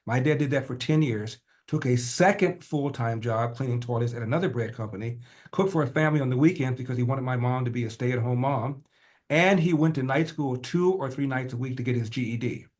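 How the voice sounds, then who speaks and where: An older man, a podcast guest, telling a personal family story with animated, rhythmic repetition. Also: mid-range voice, fairly quick. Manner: acts out family dialogue in changing voices.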